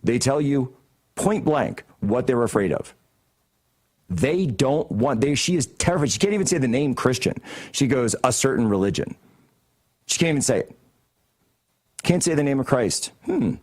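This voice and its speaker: A man's voice: medium pitch, darkish tone. Male studio host, heated mocking commentary, mid-range voice. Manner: combative, sarcastic, mocking. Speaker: political talk show host. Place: broadcast studio.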